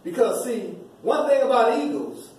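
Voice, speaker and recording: A man's voice: very high-pitched, sing-song, moderate pace. A man giving a preaching-style graduation speech, telling a story with repeated rhythmic phrases, heard from a distance in a large hall. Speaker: graduation speaker. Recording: very echoey hall, distant voice, faint noise.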